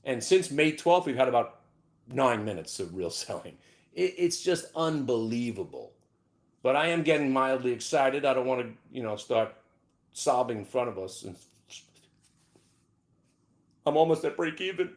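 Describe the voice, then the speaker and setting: A man hosting a live market show, ranting brashly about his trades with sudden shouted outbursts. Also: mid-range voice, normal speed. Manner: excitable, loud bursts of shouting, brash. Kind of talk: live trading rant.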